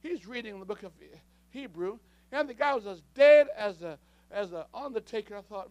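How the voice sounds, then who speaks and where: Fiery high-voiced male preacher. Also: animated, normal speed, dry recording. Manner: fiery, swings from low asides to shouting. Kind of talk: sermon.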